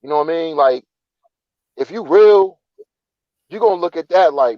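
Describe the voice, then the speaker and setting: A man's voice: a little high, animated, measured pace, long pauses, dry recording. Dude talking boxing, says man every other word, muffled dry audio. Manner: emphatic, ends nearly every phrase with "man". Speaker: boxing podcast co-host. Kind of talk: casual boxing chat.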